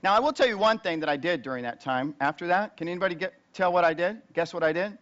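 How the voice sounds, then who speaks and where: A male pastor with a notably high voice delivers a sermon as a story told to his congregation. He talks plainly and conversationally, then climbs higher and louder in the tense parts. The recording sounds dull and lo-fi. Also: lively intonation, fast. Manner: conversational, rising loud and high when retelling tense moments.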